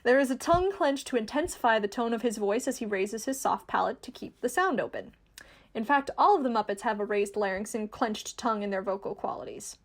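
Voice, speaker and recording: A woman reading a scripted video essay in a clear, measured, explanatory way. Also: on the high side, animated. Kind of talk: scripted narration.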